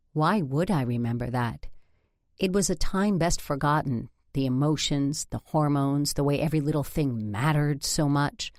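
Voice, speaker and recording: A woman reads first-person narration in a low, steady voice with a wry, dry edge. The studio recording is dry and close to the mic. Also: moderate pace, dry recording. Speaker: audiobook narrator.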